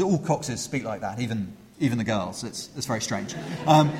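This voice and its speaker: A middle-aged man preaching a sermon. He hesitates often with fillers and restarts, then grows animated when acting out the crowd. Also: medium pitch, moderate pace. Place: church. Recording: long reverb of a church hall.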